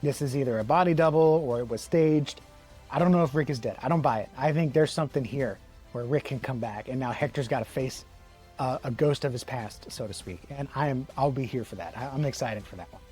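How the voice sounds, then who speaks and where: A man talks through a comic book review in a relaxed, unscripted way, his voice sitting at an ordinary middle pitch. He stumbles, repeats words and fills pauses with ums. Faint music plays underneath. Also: slightly rough. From Texas. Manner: rambling, many fillers and restarts, chuckles. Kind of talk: casual review monologue.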